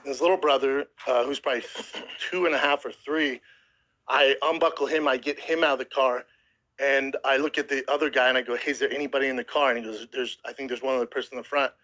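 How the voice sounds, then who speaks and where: A man's voice: mid-range voice, quick pace, rough recording. A man in his thirties telling a harrowing story in casual, profane podcast chat, close to tears at times. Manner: profane, animated retelling with acted quotes. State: emotional, near tears. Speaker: podcast host.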